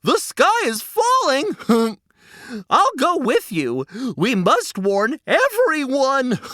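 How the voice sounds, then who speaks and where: A man playing a giggly excited goose. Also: very high voice, drawn-out words, dry recording, studio quality, pitched above the performer's own voice, full character voice. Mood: giddy. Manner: giggling, eager.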